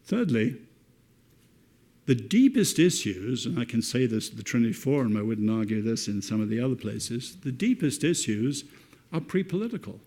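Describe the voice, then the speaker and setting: A man's voice: mid-range voice, expressive, mellow. Resonant British man lecturing. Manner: emphatic, measured oratory. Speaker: speaker. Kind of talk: formal lecture.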